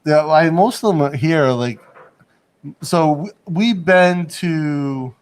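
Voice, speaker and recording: A man's voice: on the high side, takes it slowly. A man hosting a casual livestream chat from a studio in Bangkok. He rambles, laughs often and hedges his points. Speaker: livestream host.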